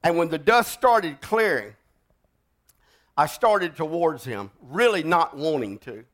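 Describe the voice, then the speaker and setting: An older man preaching a sermon, telling a war story with loud outbursts that drop to a hush. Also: a little high, lively intonation, takes it slowly. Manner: dramatic storytelling, swings from loud outbursts to hushed.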